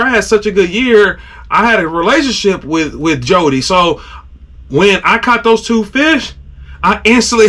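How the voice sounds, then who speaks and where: A man hosting a podcast, telling a story in a casual, animated way, with sound effects and lots of "like". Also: high-pitched.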